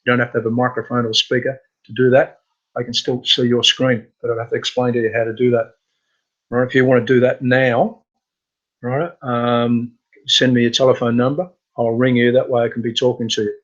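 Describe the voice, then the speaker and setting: Man, casual webinar host, halting speech, dull lo-fi sound. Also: mid-range voice, flat delivery. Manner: halting, with frequent fillers and restarts. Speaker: computer training host. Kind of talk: casual live webinar talk.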